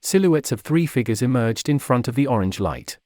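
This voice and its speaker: A man reading a fantasy story aloud in a steady, measured way. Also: mid-range voice, no echo, studio quality. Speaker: narrator. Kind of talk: storybook narration.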